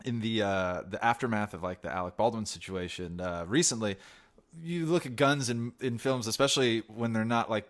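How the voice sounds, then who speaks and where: A man from New Jersey hosting a podcast, telling rambling, animated stories with frequent restarts. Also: fairly low pitch. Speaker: podcast host. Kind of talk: casual chat.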